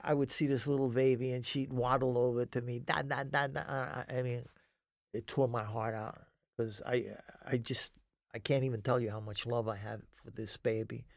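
A man's voice: mid-range voice, fairly even intonation, normal speed, creaky, no echo. Man, interview guest, rambling emphatic storyteller, profane, dry close sound. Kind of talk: storytelling in a conversation.

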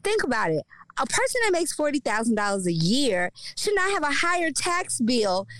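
A woman's voice: high-pitched, very animated, normal speed, fairly bright tone, no echo, poor audio. A woman political strategist speaking as a guest on a talk show, forthright and emphatic. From Chicago. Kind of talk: casual political radio chat.

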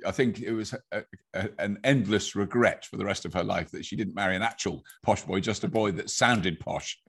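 An English man talks casually as a podcast guest, spinning a story with plenty of restarts and quick laughs. His voice is low and husky, with a slightly breathy edge. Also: a bit bright. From England. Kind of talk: casual conversation.

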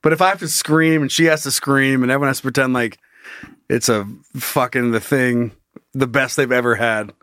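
A man's voice: medium pitch, steady tone, moderate pace, a bit bright, dry recording, studio quality. A young man co-hosting a comedy podcast, chatting casually, laughing often and swearing freely. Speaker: podcast co-host. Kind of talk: crude casual comedy chat.

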